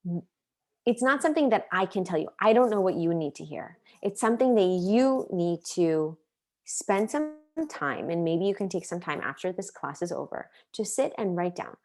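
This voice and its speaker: A woman in her thirties leads a parenting class, talking with earnest warmth of purpose and asking her listeners question after question. Her voice sits a little low for a woman. She works personal stories into the teaching. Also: animated, moderate pace. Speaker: parenting coach. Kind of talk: online class talk.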